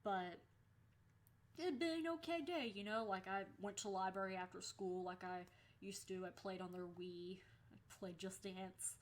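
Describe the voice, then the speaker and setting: A young woman with a mid-range voice tells a story straight to her audience in a casual vlog. She is lively and swears freely, and she breaks into the voices of the people she quotes. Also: mid-range voice, normal speed. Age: young adult. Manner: animated, swears freely, acts out quoted lines. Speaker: vlogger.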